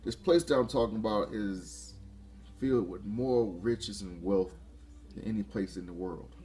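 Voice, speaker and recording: A man giving a casual motivational talk to camera, excitable, laughing often and restarting his phrases. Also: lowish voice, unhurried. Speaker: motivational vlogger.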